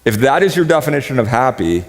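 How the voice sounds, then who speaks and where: A man preaching a sermon as pastor, in a conversational, joking way that turns animated when he quotes. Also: mid-range voice, fast. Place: church sanctuary. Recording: reverberant church hall.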